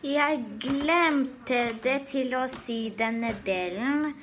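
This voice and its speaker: A woman hosting a casual reaction video, excitable and full of exclamations. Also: high voice, drawn-out words, a little hiss or hum. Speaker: reaction channel host.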